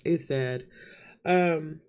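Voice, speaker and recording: A woman's voice: sits low, drawn-out words, a little mellow, smooth. A young woman talking to camera in a vlog, crying and nervous, laughing through her tears. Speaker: vlogger. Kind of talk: emotional vlog confession.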